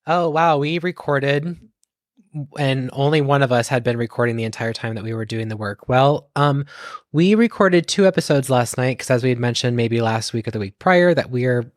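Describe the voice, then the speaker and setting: A man's voice: medium pitch, dry recording, clean studio sound. A man co-hosting a podcast in casual chat who rambles, restarts his sentences and laughs easily. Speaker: podcast co-host.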